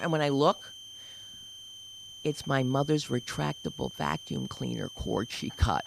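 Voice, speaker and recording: A woman comedian tells stories from the stage with a bright, forceful voice. Her pitch leaps and dives all over the place, and she punches the big moments with yelps and shouts. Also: moderate pace, gravelly, slight background noise, poor audio. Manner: animated, swooping delivery with shouted sound effects. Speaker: stand-up comedian. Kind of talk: stand-up comedy storytelling.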